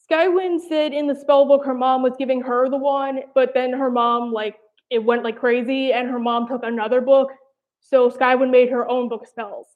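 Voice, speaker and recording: A woman's voice: high voice, fairly even intonation, moderate pace. Rambling young woman on a tinny stream. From New Jersey. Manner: rambling, hesitant, many "like" and "I don't know". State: slightly out of breath. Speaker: animation commentary channel host. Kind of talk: casual livestream chat. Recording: tinny phone-like audio.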